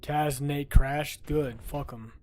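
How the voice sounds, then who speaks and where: A brash young man trash-talking his way through a game stream, swearing freely and ribbing his friends. His voice sits a little higher than most men's. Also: steady tone, slow pace, warm tone. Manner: brash, profane, mocking. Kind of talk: live game-stream commentary.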